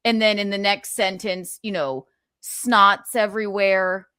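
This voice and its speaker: A woman's voice: medium pitch, unhurried, clear, resonant tone, dry recording, clean studio sound. A woman in a casual gossip chat, telling stories with laughter and acting out quoted lines. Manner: laughing, animated storytelling with mimicked quotes. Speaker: stream guest.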